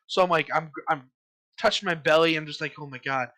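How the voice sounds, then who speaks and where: Bright-voiced young man telling a story. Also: fairly high pitch, quick pace. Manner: animated, acts out his own panicked quotes. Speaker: podcast co-host. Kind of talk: casual storytelling chat.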